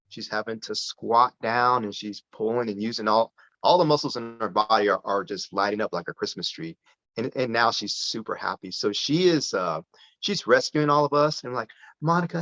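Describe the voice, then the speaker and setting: Bright-voiced man telling a story. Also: mid-range voice. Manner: lively anecdote-telling with frequent restarts. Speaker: podcast guest, parent advocate. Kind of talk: storytelling in a podcast interview. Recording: dull lo-fi sound.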